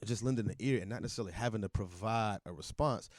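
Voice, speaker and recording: A man's voice: on the low side, quick pace, a little mellow, no room sound, clean studio sound. Reflective man, podcast co-host. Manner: reflective, explains points step by step. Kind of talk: casual chat.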